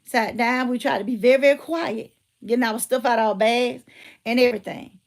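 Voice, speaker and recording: A middle-aged woman, telling stories and giving emphatic, animated commentary. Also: on the high side, brisk. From Georgia, US. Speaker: motivational speaker and teacher. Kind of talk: casual commentary with storytelling.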